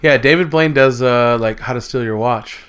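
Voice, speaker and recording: A man's voice: medium pitch, normal speed, fairly bright tone, clean tone. A man co-hosting a casual late-night podcast chat, laid-back, often laughing and dropping short quips. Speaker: podcast co-host.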